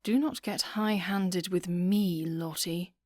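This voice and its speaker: A woman reading a rakish, arrogant young nobleman with a slow, lazy drawl in an audiobook. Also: fairly low pitch, steady tone, darkish tone, no echo. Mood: menacing.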